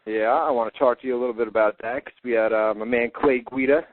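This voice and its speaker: A man's voice: medium pitch, fairly even intonation, fast, no echo. A man with a New York accent hosting a casual radio show, talking loosely with lots of restarts and the odd curse word. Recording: tinny phone-like web radio audio.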